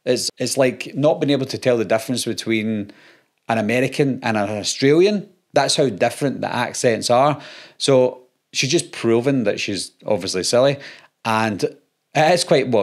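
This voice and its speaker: A Scottish man and YouTuber, reading out comments in casual talk with dry, sarcastic comebacks. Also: medium pitch. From Scotland.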